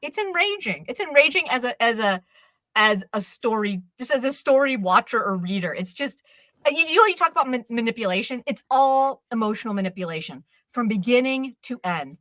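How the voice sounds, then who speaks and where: A woman co-hosting a live stream chat, ranting in an exasperated, animated way. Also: a little high, brisk, dry recording. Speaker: co-host.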